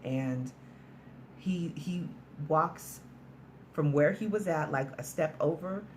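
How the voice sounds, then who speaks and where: A woman with a low voice speaks slowly against slight background noise, recapping a film's plot as a movie reviewer. Her chatty, storytelling style is sprinkled with "like" and mild swearing.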